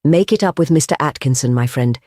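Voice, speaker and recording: Reader doing a mild, small male priest sleuth, soft-spoken, audiobook, plain middle pitch. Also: fairly quick, no echo, clean studio sound, lightly acted. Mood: gentle. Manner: quiet, unassuming. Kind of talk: audiobook dialogue.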